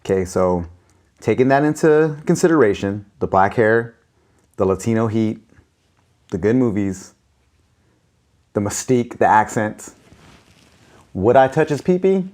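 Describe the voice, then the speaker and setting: A man co-hosting a comedy podcast, chatting casually with dry, deadpan jokes. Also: lowish voice, measured pace, pauses often. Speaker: podcast co-host.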